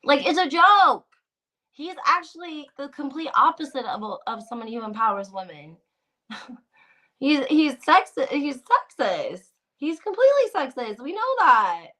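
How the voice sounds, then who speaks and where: A woman hosts a casual gossip livestream and reads out viewer comments as she goes. Her talk is animated and opinionated, with plenty of "like"s and restarts. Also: sits high, unhurried.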